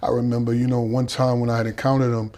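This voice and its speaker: A middle-aged man with a Boston accent tells his story as a podcast guest. He is animated and acts out the other people in his tale. His voice sits in an ordinary mid range for a man. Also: mid-range voice, fast talker. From Boston, Dorchester. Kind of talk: storytelling interview.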